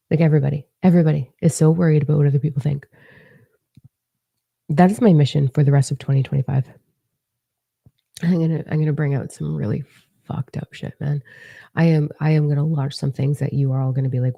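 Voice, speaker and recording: A woman's voice: deep voice, creaky, mellow, no echo. A woman spiritual coach giving a blunt, profane, emphatic motivational monologue to camera.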